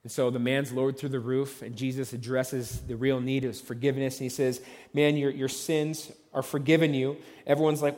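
A man's voice: mid-range voice, little pitch movement, moderate pace, a little mellow, in a large hall. A man preaching a sermon as pastor, telling the story conversationally and acting out the voices of the onlookers.

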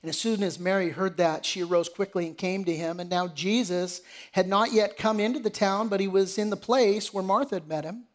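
Male pastor, sermon delivery, mixes scripture reading with plain-spoken paraphrase, hushed emphasis. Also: sits high, fairly quick.

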